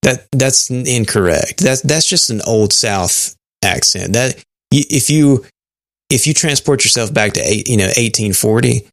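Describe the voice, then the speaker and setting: A man co-hosting a podcast in casual chat, talking in a halting way with many fillers and restarts. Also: medium pitch, animated, creaky, a bit bright, no room sound, clean studio sound. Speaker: podcast co-host.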